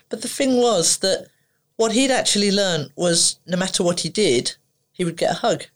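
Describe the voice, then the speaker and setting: A woman's voice: mid-range voice, measured pace. A woman, an emotional therapist, speaking as a podcast guest and telling stories in a conversational way, often acting out what people said. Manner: animated anecdotes, acts out dialogue. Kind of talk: conversational storytelling.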